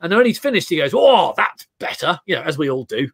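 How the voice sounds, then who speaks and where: High-voiced English man, rambling. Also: very fast, dry recording, studio quality. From England. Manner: rambling, many restarts and fillers, animated storytelling. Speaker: guest historian. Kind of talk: casual video-call chat.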